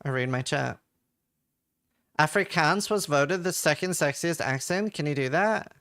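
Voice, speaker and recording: A man from Norway chats loosely through a live stream, answering his chat aloud. His voice sits a bit high and rings bright and forceful, with casual swearing. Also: unhurried. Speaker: game streamer.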